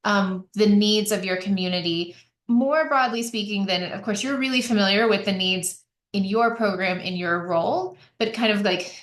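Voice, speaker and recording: With a mid-range, slightly bright voice and a moderate pace, a woman gives a chatty webinar talk in an echoey room. Her conversational presentation has many fillers and restarts.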